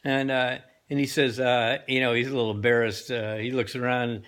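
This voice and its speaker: A man's voice: mid-range voice, little pitch movement, moderate pace, a bit bright, smooth. An older man telling a joke in a rambling, casual way, full of fillers and self-corrections. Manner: rambling, lots of fillers and laughter. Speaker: joke teller.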